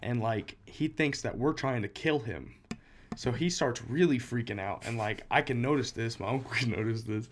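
A man's voice: mid-range voice, moderate pace. Young man telling a wild story. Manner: animated storytelling with laughs and acted quotes. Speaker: storyteller in a podcast chat. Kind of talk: casual chat.

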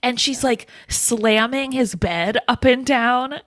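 A woman's voice: a little high, slow pace, fairly bright tone, no room sound. A young woman co-hosting a podcast, retelling movie scenes in casual chat, laughing and swearing freely. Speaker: podcast co-host.

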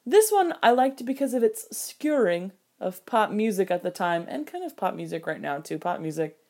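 A woman talks through a movie in a loose, chatty commentary. She is animated and jokey, slipping into mock outrage and brief put-on voices for the characters. Her pitch sits in an ordinary middle range for a woman. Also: moderate pace. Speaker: film reviewer. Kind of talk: casual solo commentary.

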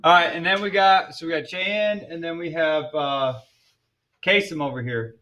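A man's voice: on the high side, moderate pace, bright, forceful tone. Easygoing man chatting with students. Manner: easygoing, chatty, coaxing questions. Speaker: teacher hosting a class podcast. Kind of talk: casual classroom chat.

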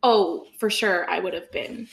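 A woman's voice: medium pitch, measured pace, vocal fry, roomy sound. A young woman co-hosting a podcast, chatting casually and indignantly, with lots of filler words. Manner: animated, indignant, many fillers. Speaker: podcast co-host. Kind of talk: casual chat.

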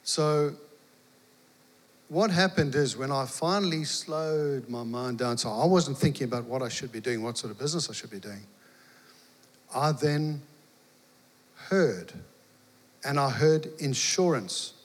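A man preaching, telling a lively personal story and acting out the dialogue. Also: medium pitch, unhurried, pauses often. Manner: animated storyteller, acts out dialogue, laughs. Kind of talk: storytelling sermon. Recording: long hall reverb.

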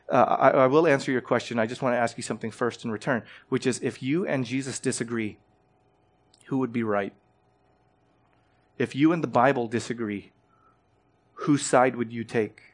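Earnest male pastor preaching. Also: mid-range voice. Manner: earnest preaching with rising emphasis and direct questions to listeners; repeats words when starting phrases. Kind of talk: sermon.

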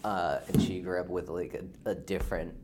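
A man's voice: low-pitched, steady tone, a little fast, loud music behind the voice. A man from the United States with a General American accent, chatting casually as a podcast guest and rambling with lots of filler words. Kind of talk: casual chat.

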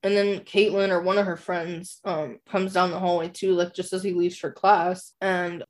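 A woman's voice: fairly low pitch, level tone, moderate pace, a little mellow. A woman co-hosting a casual book podcast, rambling through a plot recap full of "like" fillers. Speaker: podcast co-host.

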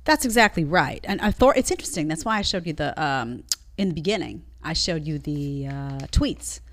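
A woman's voice: deep voice, expressive, normal speed. A woman hosting a live commentary show, delivering emphatic, sarcastic opinions in a scolding tone. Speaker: show host.

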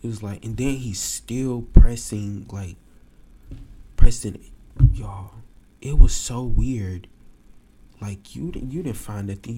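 A man telling a story to his podcast listeners in a casual, animated way. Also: mid-range voice, slow, long pauses, a little hiss or hum. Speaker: podcast host.

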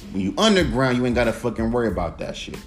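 A man's voice: medium pitch, sing-song, fast talker, soft background music. Man ranting casually on a podcast. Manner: profane, emphatic, mocks others in put-on voices. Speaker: podcast host. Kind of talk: casual solo podcast rant.

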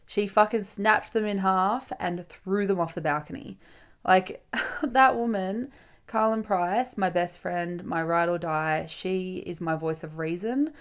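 A woman's voice: lowish voice, measured pace. A young woman, hosting a casual solo podcast. She tells a personal story in a chatty way, swears freely and acts out her friends' lines. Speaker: podcast host.

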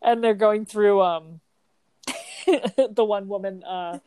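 A woman co-hosting a casual chat, animated and profane, laughing often as she talks. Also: mid-range voice, takes it slowly, clear, resonant tone, no room sound. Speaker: podcast co-host.

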